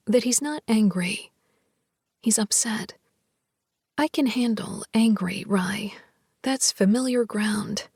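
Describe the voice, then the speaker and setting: A woman narrating a first-person romance audiobook in a soft, half-whispered, intimate delivery. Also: a little high, breathy edge, no room sound, studio quality.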